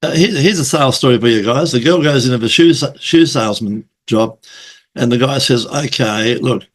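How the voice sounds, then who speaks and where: A man hosts a relaxed podcast chat. He tells sales stories with plenty of swearing and puts on the voices of the people in them. His voice sits at an ordinary middle pitch. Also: fairly quick. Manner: storytelling, swears, acts out quoted voices. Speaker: podcast host. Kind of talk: casual interview chat.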